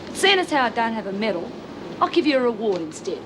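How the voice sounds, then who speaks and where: A woman's voice: a little high, very animated, fast talker. An actress playing a sly, mocking female prisoner. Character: sly, scheming female prisoner who likes a bet. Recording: noisy old TV soundtrack.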